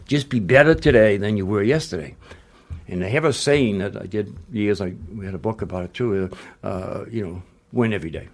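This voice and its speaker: A man's voice: on the low side, fairly quick. An older man, a retired basketball coach, telling stories in a casual interview, blunt and rambling, with frequent restarts and salty language.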